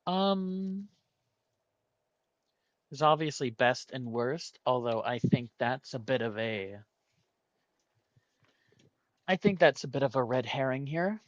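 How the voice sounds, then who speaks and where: A man's voice: mid-range voice, animated, slow, long pauses, dry recording, dull audio. A man thinking aloud while solving a word puzzle, hesitating and weighing each option as he goes.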